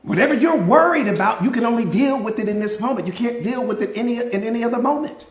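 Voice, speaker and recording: Male motivational coach, very high pitch, preacher cadence, roomy echoey sound. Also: expressive, fast talker. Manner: preacher-like, repetitive rhetorical questions and answers. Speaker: mindset coach. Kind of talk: live motivational talk.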